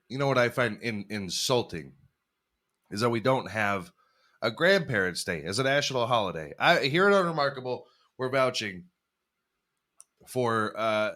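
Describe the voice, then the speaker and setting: A young man does a profane, rambling comedy bit on his podcast. His pitch swings all over as he riffs, and he keeps breaking into laughter at his own jokes. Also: pushed and bright. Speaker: podcast host. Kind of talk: crude comedic monologue.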